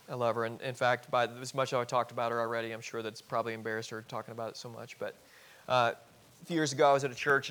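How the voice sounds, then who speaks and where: A man in his thirties preaching a sermon as pastor in a church, earnest, swinging between loud emphasis and soft asides. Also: mid-range voice. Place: church sanctuary.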